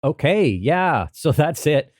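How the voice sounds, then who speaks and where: A man's voice: on the high side, big pitch swings, slow, no room sound, studio quality. A middle-aged man giving a casual, rambling update monologue with many restarts.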